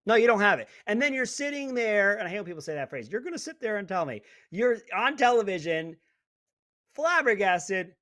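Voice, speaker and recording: A man with a notably high voice rants indignantly as a talk radio host, full of sarcasm. The sound is dry and close, with no room around it. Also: sing-song, fairly quick, pushed and bright, no room sound. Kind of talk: opinionated talk radio monologue.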